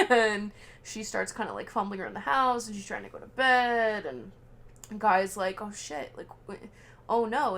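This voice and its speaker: A young woman co-hosting a podcast recaps a film casually and with lots of animation, in a medium-pitched voice. She acts out the characters' lines and swears freely.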